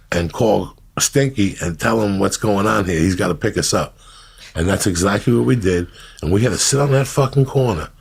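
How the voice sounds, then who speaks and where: An older man tells profane street stories as a host. His voice sits low, rough and gravelly, with a raspy, husky edge. He talks in a loose, animated monologue. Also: no echo, clean studio sound. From New Jersey. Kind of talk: casual storytelling monologue.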